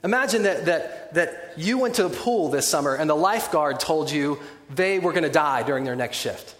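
A man preaching a sermon in a conversational, animated way, with wry humorous asides. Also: a little high, moderate pace. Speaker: pastor. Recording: echoey hall with long reverb.

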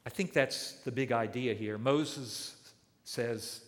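A man preaching an expository sermon, building his points with dramatic pauses and emphasis. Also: mid-range voice. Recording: long hall reverb.

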